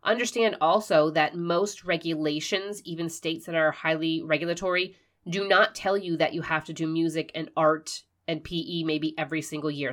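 A woman with a notably low voice hosts a homeschooling advice show. She sounds congested and nasal, and she is a little breathy. She speaks in a direct, reassuring way to the listener. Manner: warm, encouraging, direct-to-listener. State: nasal, stuffed-up voice. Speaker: homeschooling podcast host. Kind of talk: casual advice talk.

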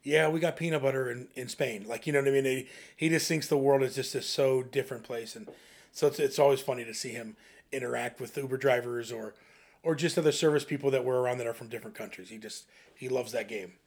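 A young man co-hosting a podcast, telling family anecdotes in a casual, animated way and often laughing. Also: mid-range voice, fast talker, slightly rough. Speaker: podcast co-host. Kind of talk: casual chat, storytelling.

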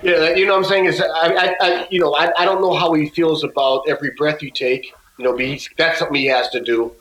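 Male guest, casual storyteller, a little high-voiced, halting with restarts, roomy echo. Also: steady tone, fairly bright tone. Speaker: guest musician.

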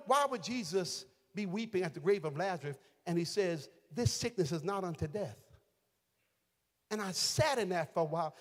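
A man a sermon as pastor, moving from quiet, reflective storytelling to shouted, sing-song calls to his congregation. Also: high voice. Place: large church sanctuary. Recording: long hall reverb.

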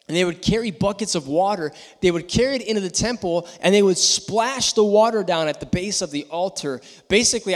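A man preaching as a guest pastor, building to loud emphatic peaks and then dropping low and slow. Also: big-room sound. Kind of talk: sermon. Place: church sanctuary.

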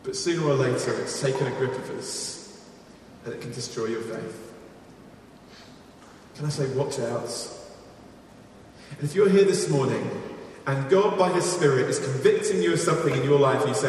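A man preaching a sermon in a large church, earnest and storytelling, dropping to quiet emphasis on key points. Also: mid-range voice, normal speed, pauses often, slight background noise. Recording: echoey hall from far off.

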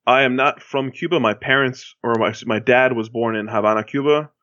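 A man's voice: medium pitch, a little fast, fairly bright tone, no room sound. A man from Miami, a podcast co-host, talking in a loose, rambling way with lots of fillers and restarts. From Miami, Florida. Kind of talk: casual chat. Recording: dull lo-fi sound.

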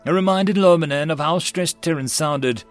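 A man narrating a science-fiction web novel as an audiobook in a steady storytelling read. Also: fairly high pitch, normal speed, soft background music. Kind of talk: scripted narration.

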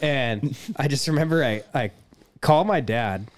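A man's voice: medium pitch, normal speed. A young man co-hosting a podcast, telling stories in a laid-back way, swearing freely and laughing often. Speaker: podcast co-host and race promoter. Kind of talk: casual chat.

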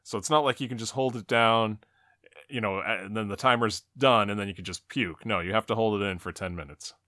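A man's voice: on the low side, fairly quick, pushed and bright, no echo. A man hosting a podcast, recapping an episode step by step with dry jokes. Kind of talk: episode recap and casual chat.

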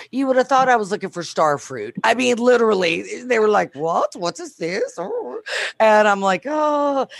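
A woman from Louisiana tells her story, chatty and animated, often breaking into laughs. Her voice sits in a middle register. The sound is dry and close to the mic. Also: mid-range voice, no room sound. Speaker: guest telling a story. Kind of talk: casual chat.

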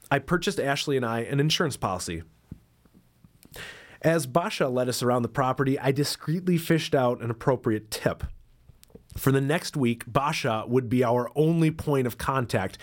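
A man hosting a podcast, reading a travel story aloud and breaking off for wry, self-deprecating jokes. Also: mid-range voice. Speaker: podcast host and dairy farmer.

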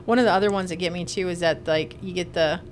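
A woman's voice: fairly low pitch, fairly even intonation, quick pace, slight background noise. A woman who is a nurse and podcast co-host, chatting casually in a sarcastic, swearing way. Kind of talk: casual chat.

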